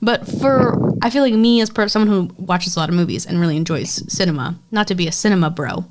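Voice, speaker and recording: A woman's voice: lowish voice, animated, quick pace, noisy background. A woman co-hosting a podcast in casual chat, talking bluntly with strong opinions and plenty of swearing. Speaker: podcast co-host.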